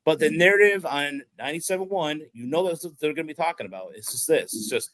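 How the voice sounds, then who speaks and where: A man's voice: on the high side, animated, quick pace, few pauses, a bit bright, dry recording, poor audio. A man hosting a sports podcast, talking casually and ranting with exasperation and lots of restarts. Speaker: podcast host.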